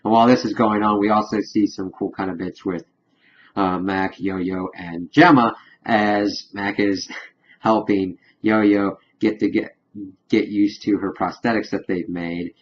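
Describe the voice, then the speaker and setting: A man giving a casual spoiler review of a TV episode, rambling and excitable as he retells scenes with quick paraphrased quotes. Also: on the low side, dull audio, a little hiss or hum.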